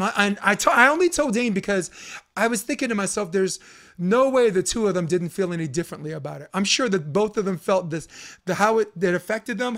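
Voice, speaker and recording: High-voiced man telling lively stories. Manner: animated, swears freely, laughs often. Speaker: podcast host and volleyball coach. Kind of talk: casual storytelling chat.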